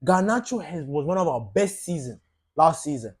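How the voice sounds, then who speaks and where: Man, football fan vlogger, husky voice, opinionated rant. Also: fairly high pitch, moderate pace. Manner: animated, rhetorical questions, ranting. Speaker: football fan channel host.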